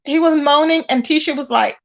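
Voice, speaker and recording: A woman's voice: high voice, fairly quick, creaky, muffled recording. A woman hosting a casual gossip livestream. She talks emphatically and greets her viewers by name as she chats. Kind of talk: casual live-stream chat.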